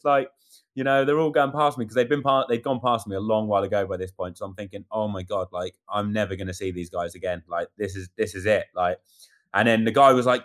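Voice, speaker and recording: A man casually telling a lively story about a bike race, acting out what people said. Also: lowish voice, fast. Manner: animated storyteller acting out quotes. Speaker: amateur cyclist recounting a race. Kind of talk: casual chat.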